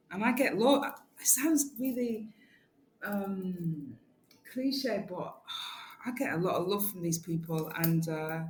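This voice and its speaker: A woman guest in a casual interview who tells stories with lively, animated delivery. Her voice carries noticeable room echo. Faint background noise sits underneath. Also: fairly low pitch. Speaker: guest, community organiser.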